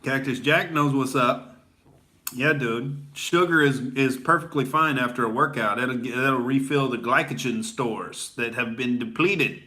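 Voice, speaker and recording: Bright-voiced rambling comedian man. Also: mid-range voice, measured pace. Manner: rambling bro talk, peppered with "all right?" and "dude". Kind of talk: stand-up style comedy rant.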